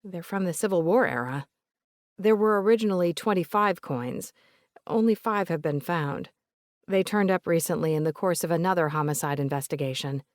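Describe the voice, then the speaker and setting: A woman voicing a composed investigator with a North Carolina accent, asking questions in a calm, measured way. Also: on the low side, no room sound, clean studio sound, lightly acted.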